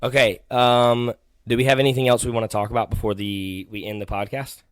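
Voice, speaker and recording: A man hosting a casual podcast chat, talking in a patient, gently teasing way as he explains things step by step. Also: mid-range voice, little pitch movement, a little fast, clean tone, no room sound, studio quality. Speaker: podcast host.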